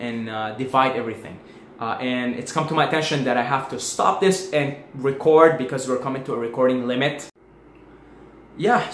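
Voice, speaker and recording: Animated man in an echoey room. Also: medium pitch. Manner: animated storyteller acting out his own panic. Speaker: spiritual video host. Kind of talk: casual spoken monologue. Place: at home. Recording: echoey room, faint background hiss.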